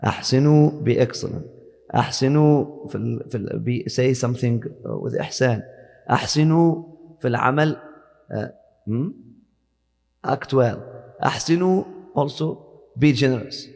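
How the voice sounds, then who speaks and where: Male scholar, fast-paced, reciting and explaining verses, gravelly voice in a reverberant hall. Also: mid-range voice, animated, a little mellow. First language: Arabic. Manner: deliberate, repeats words, recites Arabic verses. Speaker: Islamic scholar teaching Quran. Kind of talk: explanatory Quran lesson, mixing Arabic and English.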